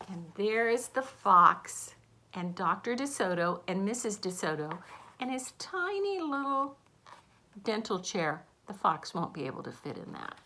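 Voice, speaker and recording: A woman reading a picture book aloud to children, slowly explaining the pictures. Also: medium pitch, very animated. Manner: slow, gentle, explaining the pictures. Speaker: storytime reader.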